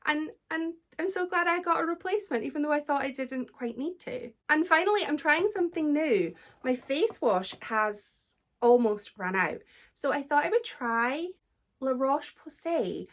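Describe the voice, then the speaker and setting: A young woman with a Scottish accent talks through her week in a loose, chatty way. Her voice sits high and she laughs easily, often poking fun at herself. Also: animated, normal speed, a bit bright. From Scotland. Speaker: book vlogger. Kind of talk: casual vlog chat.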